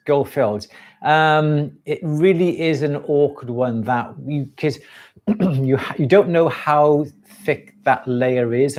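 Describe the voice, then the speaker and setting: A man hosting a live stream, answering viewers' questions with relaxed, practical explanations and frequent fillers. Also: mid-range voice. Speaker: jewellery-making host answering questions.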